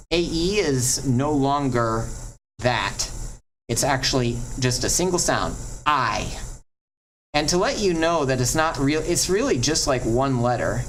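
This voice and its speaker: A man teaching Latin pronunciation, talking at an unhurried, slow pace and stretching out each example word. His tone is chatty and encouraging, and there is a faint hiss under his voice. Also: mid-range voice, poor audio. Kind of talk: classroom lesson on pronunciation.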